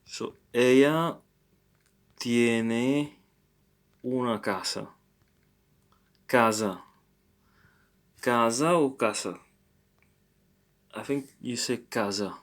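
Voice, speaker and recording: A man's voice: mid-range voice, slow, pauses often. A man teaching an informal Spanish lesson. He thinks aloud with many fillers and good-humouredly corrects his own slips.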